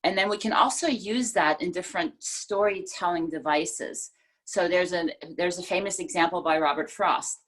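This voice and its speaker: Woman doing a club speech on a video call, husky voice, low pitch, plays with emphasis. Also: normal speed. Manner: expressive, demonstrates emphasis by changing stress. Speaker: speech presenter.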